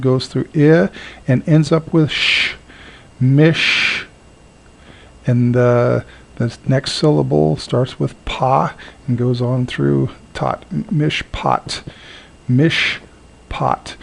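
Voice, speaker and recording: Male instructor, gravelly low-mid voice, hesitant lecturing with lots of fillers, repeats words to show pronunciation. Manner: halting, many fillers, repeats words slowly to model sounds. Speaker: teacher. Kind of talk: recorded lecture.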